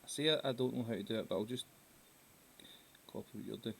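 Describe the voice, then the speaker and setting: A man's voice: medium pitch, fast, creaky, rough recording. A Scottish man hosting a casual live drawing stream, chatty and giggly, hopping from topic to topic. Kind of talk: casual chat while drawing. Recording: faint hiss.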